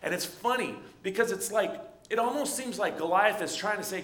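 A man preaching a sermon in a conversational, animated storytelling way. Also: high voice, a little fast, echoey room. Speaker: pastor.

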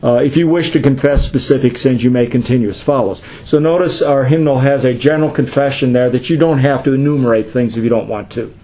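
A man's voice: medium pitch, fast talker, few pauses, mellow, low-quality recording. A middle-aged man, a pastor, teaching a class in a conversational way, asking questions and answering them himself.

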